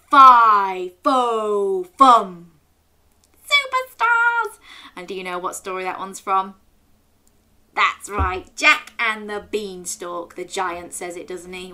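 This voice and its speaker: Woman children's storyteller running a quiz. Slow, bright, sing-song delivery. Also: on the low side. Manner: sing-song, drawn-out emphatic words for young listeners. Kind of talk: playful read-aloud quiz for children.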